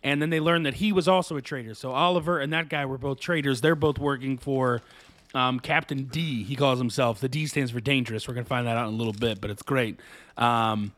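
A man's voice: medium pitch, fairly even intonation, a little fast, a bit bright. A man co-hosting a podcast, rambling through a casual anime recap and acting out bits of dialogue. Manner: rambling recap with acted-out quotes and laughs. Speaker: podcast co-host.

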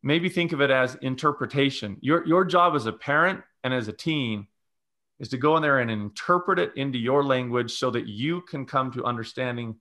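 A man's voice: mid-range voice, normal speed, sharp tone. A man who is a guest religious educator on a podcast, speaking in a teacherly way and laying out numbered steps. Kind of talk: podcast conversation.

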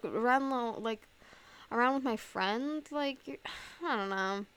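A woman's voice: a little high, normal speed, bright, forceful tone, smooth. A young woman hosting a casual solo podcast, rambling with lots of fillers, swearing and laughing at herself. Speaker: podcast host.

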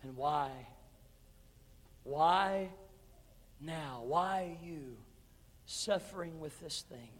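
A male pastor preaching a sermon, telling a story and calling on congregation members by name, rising to impassioned peaks and dropping to soft pleading. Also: fairly high pitch, drawn-out words, pauses often. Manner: storytelling that swells to impassioned shouting, then drops to soft pleading. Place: church sanctuary. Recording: reverberant church with music behind.

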